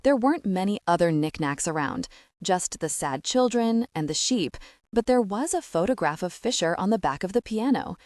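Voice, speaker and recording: A woman narrating a first-person story for an audiobook in an even, measured way. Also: mid-range voice, no echo, studio quality.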